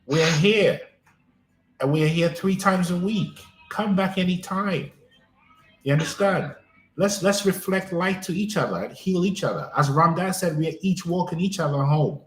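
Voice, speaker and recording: Male life coach on a live stream, fairly high voice, roomy echo with faint music behind, repetitive and affirming. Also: moderate pace. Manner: repetitive, affirming spiritual encouragement.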